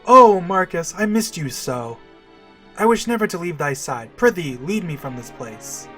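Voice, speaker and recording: A man voicing a lovesick young princess in a stage play, delivering archaic lines in a slow, swooning way. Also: high voice, sing-song, fairly bright tone, faint music behind, exaggerated voice.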